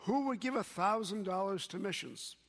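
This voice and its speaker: A man's voice: high-pitched, moderate pace, a bit bright, in a large hall. A man voicing a female Sunday school teacher who asks her class questions. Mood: coaxing. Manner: coaxing questions.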